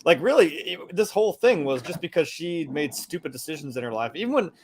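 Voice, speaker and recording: A man chatting casually on a film discussion podcast, animated and profane, acting out quotes in mocking voices. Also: on the high side, brisk, a little hiss or hum. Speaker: podcast co-host.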